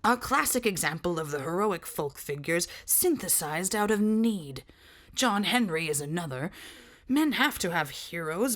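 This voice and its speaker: A woman's voice: mid-range voice, lightly acted. A woman voicing a vain, nervous outlaw captain man who speaks in a fussy, self-important way.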